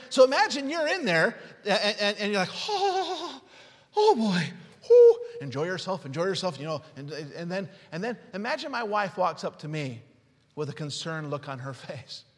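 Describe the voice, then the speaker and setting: A man preaching a sermon, telling stories and swinging from hushed words to shouting. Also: high voice. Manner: storytelling with illustrations. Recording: long hall reverb.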